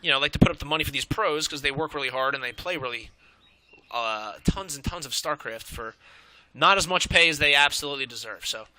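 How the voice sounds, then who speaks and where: A young man commentates a strategy game match, excitable and breathless, swearing and rambling as he calls the action. His voice sits at a medium pitch and moves a little fast.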